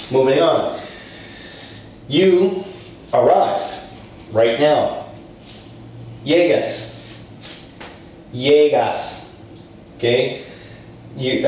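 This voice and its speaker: Guy chatting through a spanish lesson, lots of ums and restarts, slow, really echoey room, mic kinda far. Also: medium pitch, slight background noise. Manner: chatty and relaxed, with many fillers, restarts and acted example dialogues. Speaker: Spanish teacher. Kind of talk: casual language lesson.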